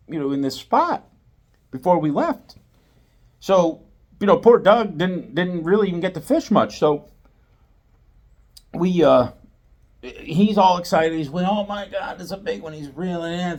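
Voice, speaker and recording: Animated middle-aged man telling a story. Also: medium pitch. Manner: animated, acts out quotes, repeats himself. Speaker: fishing channel host. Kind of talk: storytelling monologue.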